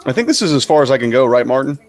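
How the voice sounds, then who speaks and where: A man's voice: medium pitch, sing-song, very fast. A man playing a tabletop game over an online voice call, casual and a bit unsure. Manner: casual, counting aloud, unsure. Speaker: player.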